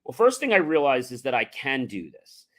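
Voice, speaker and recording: A middle-aged man of middle pitch talks earnestly in a conversational motivational style. He pauses on fillers, then pushes words out with loud, rising emphasis. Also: huge pitch swings. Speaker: entrepreneur podcast host. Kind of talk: motivational talk.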